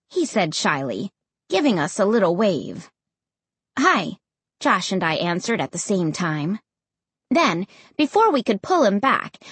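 A woman narrating a children's story as an audiobook reader, with an expressive, lively delivery. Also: medium pitch, slightly rough, no room sound.

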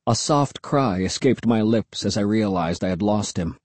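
Male audiobook narrator, husky, suspenseful, dry close read. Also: fairly low pitch, moderate pace, dry recording. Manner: expressive, suspenseful storytelling. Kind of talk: scripted narration.

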